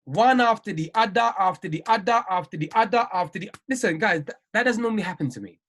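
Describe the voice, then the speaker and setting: A man coaching traders on a video call, talking in an animated, emphatic way and repeating himself for effect. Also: high-pitched, fast talker. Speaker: trading coach.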